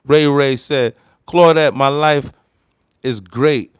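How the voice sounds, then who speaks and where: Young male streamer, casual and rambling, slides into loud rants; smooth tone, dry close sound. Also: medium pitch, slow, dry recording. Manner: rambling, heavy fillers, laughs loudly; heated, loud ranting. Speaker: livestream host. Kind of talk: casual livestream chat reading comments.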